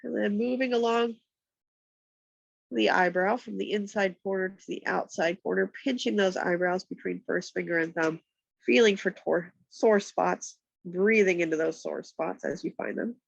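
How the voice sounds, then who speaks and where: A woman with a stuffy, congested voice, calmly giving slow step-by-step yoga and massage cues on a nearby mic. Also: mid-range voice, creaky, dry recording, highs cut off. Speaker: yoga instructor. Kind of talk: guided yoga instruction. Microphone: external mic nearby.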